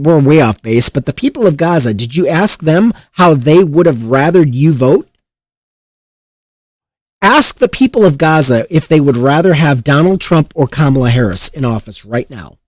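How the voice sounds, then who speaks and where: A man's voice: a little high, a little mellow, dry recording. A man hosting a political commentary show, heated and profane, sometimes mocking other people's voices.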